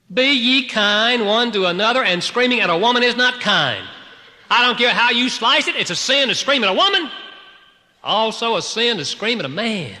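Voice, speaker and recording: A man preaching a sermon to a congregation, telling a personal story in an animated way, swinging between loud outbursts and hushed, quiet passages. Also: high voice, in a large hall. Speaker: pastor.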